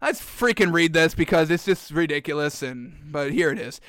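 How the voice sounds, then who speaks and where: A man hosting sports talk, ranting in a mocking, animated way and repeating himself for effect. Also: on the high side, moderate pace, dry recording, studio quality.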